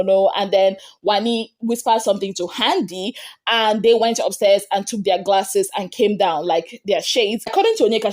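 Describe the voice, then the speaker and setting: A woman hosting an entertainment gossip show, recapping reality TV fights in a casual, animated way. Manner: animated retelling, acting out quotes with big pitch jumps.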